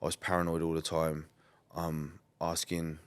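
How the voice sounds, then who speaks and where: A very low-pitched man tells his story as a podcast guest. He talks in a loose, rambling way, peppered with "like", "um" and the odd swear. His delivery is candid and conversational. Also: completely flat delivery, normal speed, smooth. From England. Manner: rambling, many "like" and "um" fillers, blunt and swearing.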